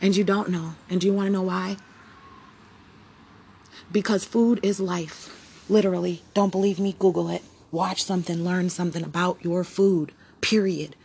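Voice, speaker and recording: A woman hosting her own podcast in a rambling, preachy motivational monologue that swings between loud and hushed. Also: on the low side, steady tone, moderate pace, creaky, slight background noise. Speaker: podcast host.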